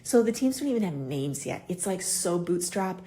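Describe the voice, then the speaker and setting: A woman in her thirties hosting a casual solo podcast, animated and swearing freely as she acts out quoted conversations. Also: on the low side, moderate pace, a little hiss or hum. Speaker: podcast host.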